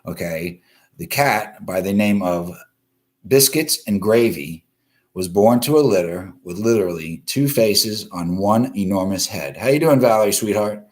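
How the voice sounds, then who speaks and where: A man's voice: on the low side, lively intonation, measured pace, a little mellow. A man hosting a live-stream news show, ranting bluntly and profanely while greeting viewers from the comments. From East Coast of the US. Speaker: livestream news show host.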